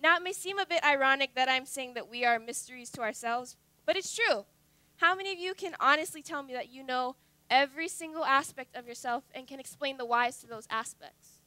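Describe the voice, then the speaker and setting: A teenage girl speaks from a stage in a high, bright voice. She is earnest and confiding, slipping in wry asides to the audience. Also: brisk. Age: teens. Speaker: student speaker. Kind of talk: personal stage talk. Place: stage at a youth talk event.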